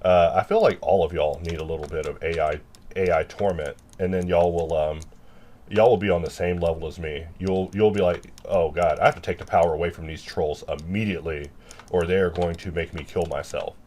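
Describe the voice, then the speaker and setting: A man chatting casually and rambling while he works, self-mocking, sometimes bursting into loud mock-angry lines. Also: deep voice, steady tone, a little fast, a little hiss or hum.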